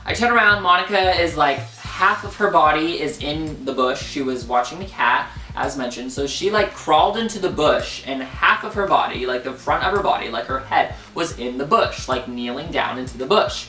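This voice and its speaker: A man's voice: on the high side, animated, moderate pace, few pauses, sharp tone, distant mic. A young man around twenty telling a dramatic story time on his vlog, full of "like" fillers. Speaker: vlogger. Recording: roomy echo, off-mic, faint music.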